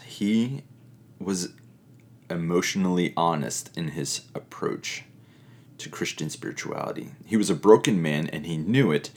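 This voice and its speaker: A middle-aged man speaks in a very low, deep voice, teaching an audience about faith. He talks earnestly and reflectively, pausing often and searching for words as he goes. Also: darkish tone. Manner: earnest, reflective, with pauses and fillers. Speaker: pastor or teacher giving a talk.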